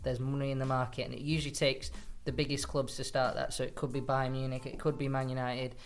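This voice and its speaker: A man's voice: mid-range voice, little pitch movement, quick pace, a little hiss or hum. A man appearing as a football correspondent on a podcast in a studio, explaining points while thinking aloud. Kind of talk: casual podcast discussion.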